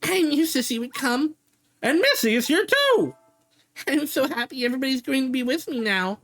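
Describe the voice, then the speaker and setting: A streamer voicing a sweet, timid young girl in a video game, speaking in a soft, childlike, apologetic way. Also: high-pitched, sing-song, normal speed, no room sound, faint music behind, voice pushed up, full character voice. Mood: relieved.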